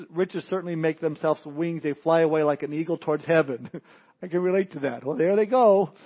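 High-voiced preacher, punchy delivery. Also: male voice, highs cut off. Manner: emphatic preaching, with rising, punchy lines. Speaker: pastor. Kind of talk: sermon.

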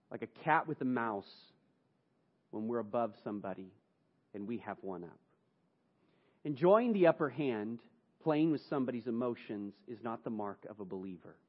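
A man preaching a sermon, telling the story dramatically and moving between hushed and raised passages. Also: medium pitch, phone-quality sound. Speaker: pastor.

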